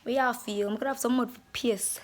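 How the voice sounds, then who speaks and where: In her casual vlog, a young woman with a Jamaican accent speaks to camera at normal speed in a fairly high voice. She's animated and playful, now and then sliding into patois.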